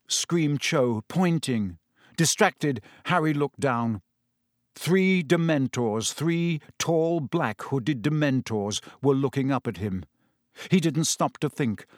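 A man narrating a storybook with a lively, expressive reading. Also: mid-range voice, takes it slowly, no room sound, clean studio sound. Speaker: audiobook reader.

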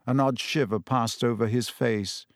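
A man giving an expressive, deliberate audiobook narration. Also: medium pitch, no echo, clean studio sound.

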